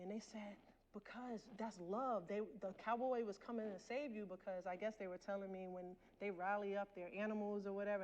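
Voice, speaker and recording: A woman in her forties with a lowish voice tells her own story to a lecture hall audience, candid and direct. She talks to the crowd as if to friends. The sound comes through a dull, lo-fi recording from a lecture mic. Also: darkish tone, slight background noise. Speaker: guest lecturer. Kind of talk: personal storytelling talk.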